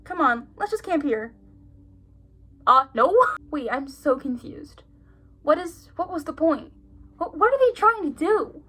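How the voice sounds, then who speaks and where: High-voiced young woman, sarcastic. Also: very animated, measured pace, pauses often, fairly bright tone. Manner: sarcastic, giggly, incredulous asides. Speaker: vlogger reading her childhood stories. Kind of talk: reading aloud with running commentary.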